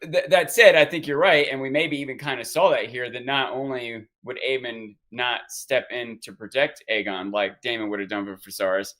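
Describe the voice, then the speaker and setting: A man with a bright, forward voice in easy conversation. He works through his thoughts as he speaks, in a steady, measured way. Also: medium pitch. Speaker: podcast co-host. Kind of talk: casual discussion.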